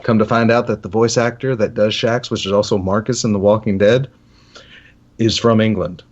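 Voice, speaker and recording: A man's voice: lowish voice, fairly even intonation, moderate pace. A man co-hosting a casual gaming podcast, laid-back and rambling with lots of fillers. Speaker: podcast co-host. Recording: dull lo-fi audio.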